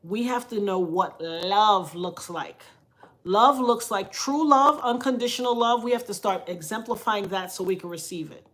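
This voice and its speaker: A woman hosting a livestream, telling a story in a preachy, animated way that swings from loud emphasis to soft asides. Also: medium pitch, normal speed. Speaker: livestream host reading viewer comments. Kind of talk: casual storytelling monologue.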